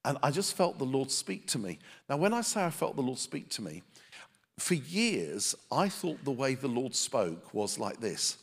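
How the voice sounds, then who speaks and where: Gravelly-voiced pastor preaching with comic timing. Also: male voice, mid-range voice, very animated, moderate pace. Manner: self-deprecating, comic timing, storytelling. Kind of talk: sermon with humorous storytelling. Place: church meeting with a live audience. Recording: long reverb of a church hall.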